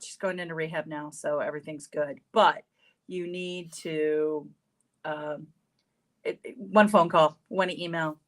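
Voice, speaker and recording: A woman co-host giving a casual, earnest closing thought on a sports talk show. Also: sits low.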